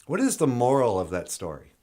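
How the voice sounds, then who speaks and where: A man's voice: mid-range voice, huge pitch swings, brisk, dark tone. A man co-hosting a podcast in a teasing, dry, casual chat. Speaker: podcast co-host.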